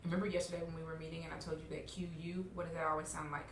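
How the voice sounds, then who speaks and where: This teacher talks very fast in a low, level voice, encouraging her young readers and repeatedly asking "okay?" or "all right?" Slight background noise and a distant mic mark the roomy classroom recording.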